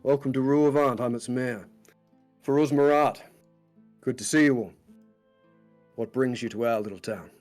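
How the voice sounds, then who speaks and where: A man plays a burly, scarred male elven mayor in a tabletop game, relaxed and friendly as he greets newcomers. His voice sits at a middle pitch, with faint music in the background. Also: normal speed, long pauses, close to an everyday voice. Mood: welcoming. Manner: friendly, welcoming.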